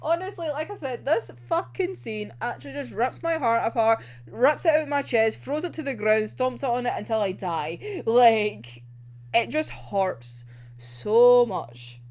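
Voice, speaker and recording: Fan woman recapping a manga volume; bright and lively pitch, emotional, sweary, acts out the lines. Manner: emotional, swearing, laughing and groaning over the story; acts out characters' lines in quick quoted asides. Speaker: manga reviewer. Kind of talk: excited casual manga recap.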